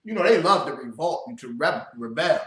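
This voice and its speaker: Male street-style preacher, high bright voice, roomy echo, shouts for emphasis. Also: expressive, normal speed. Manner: emphatic, builds to shouting, speaks to the audience. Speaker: religious teacher. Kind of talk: livestreamed sermon.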